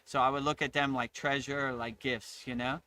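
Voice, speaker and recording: A man's voice: mid-range voice, little pitch movement, moderate pace, pushed and bright. A middle-aged man hosting a casual spiritual chat, enthusiastic, laughing often and saying "you know" a lot. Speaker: spiritual teacher and host.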